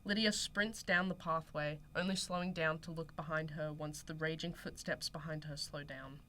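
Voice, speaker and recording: A woman's voice: low voice, fairly even intonation, moderate pace, a bit bright, slight background noise. A young Australian woman hosting student radio, chatting casually and reading a story aloud. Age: young adult. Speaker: radio host.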